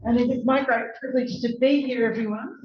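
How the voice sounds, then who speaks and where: A woman's voice: a little high, fairly even intonation, brisk. A woman with a rural Australian accent giving an academic lecture as a law professor, earnest and thoughtful, with frequent fillers. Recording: echoey hall, dull lo-fi sound, faint noise.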